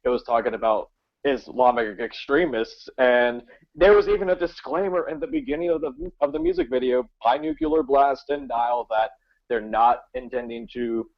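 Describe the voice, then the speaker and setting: A man's voice: medium pitch, animated, moderate pace, gravelly. A man rants heatedly and swears on a casual stream hangout. The sound is muffled and lo-fi. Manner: heated ranting, swears a lot. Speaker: musician and video maker. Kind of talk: casual profane ranting. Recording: dull lo-fi mic.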